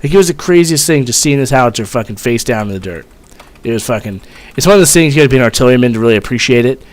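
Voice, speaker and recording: A man's voice: mid-range voice, expressive, racing. Profane young man telling a story. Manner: profane, rambling, with many fillers. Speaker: vlogger telling a military story. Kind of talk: casual storytelling.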